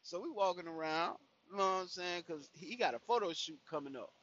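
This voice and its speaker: A man's voice: sits high, expressive, brisk, a bit bright, lo-fi sound. A young man telling a profane story in casual chat from his car, full of "you know what I'm saying". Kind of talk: casual storytelling while driving.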